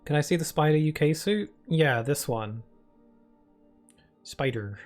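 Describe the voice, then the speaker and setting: A man's voice: on the high side, animated, measured pace. Chatty man streaming a game. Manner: chatty, playful, answers chat with many fillers. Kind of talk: casual live-stream chat. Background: game music.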